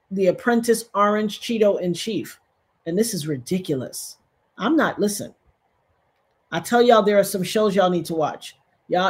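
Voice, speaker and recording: A woman hosting a casual livestream, reading viewer comments aloud and talking straight to her audience in an animated way. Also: medium pitch. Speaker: livestream host.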